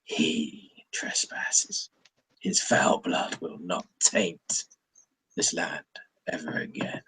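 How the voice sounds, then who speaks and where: A menacing wolf pack leader, as a man puts him on speaks slow and low with a husky breath behind every word. The voice is threatening and unhurried. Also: little pitch movement, bright, forceful tone, heavily acted, rough recording.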